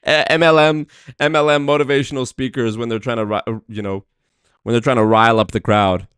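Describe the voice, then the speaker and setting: A man doing casual, joking live-stream commentary, profane and swinging between loud rants and muttered asides. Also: mid-range voice, steady tone, fairly quick, clean tone, dry recording, clean studio sound. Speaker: streamer reacting to clips.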